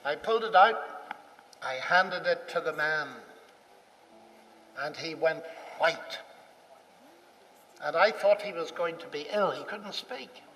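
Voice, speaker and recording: A man with a higher-than-usual voice recounts a personal anecdote, lively and acting out each exchange. He sounds set back from the microphone, with a long echo trailing his words around a large hall. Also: takes it slowly, long pauses, slight background noise. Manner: animated, acts out dialogue. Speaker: speaker recounting a personal story. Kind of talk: anecdotal storytelling talk. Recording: distant mic in a reverberant hall.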